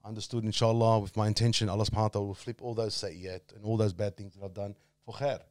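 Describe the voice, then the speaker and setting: Man guest, low voice, dry close sound, rambling storyteller with lots of fillers. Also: flat delivery, racing, no room sound. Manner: rambling, many fillers and restarts. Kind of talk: casual conversation, personal storytelling.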